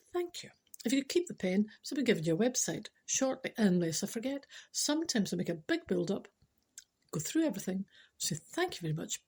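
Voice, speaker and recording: A woman's voice: mid-range voice, darkish tone, slightly rough. A Scottish woman hosting a chatty podcast, teasing and speaking straight to her listeners, sometimes dropping to a whisper. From Scotland. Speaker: podcast host.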